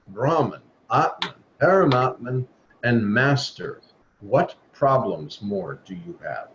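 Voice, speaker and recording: A man leading a spiritual talk over a video call, speaking earnestly and exhorting his listeners. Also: medium pitch. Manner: earnest, exhorting, acts out quoted voices. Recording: dull lo-fi video call audio with faint noise.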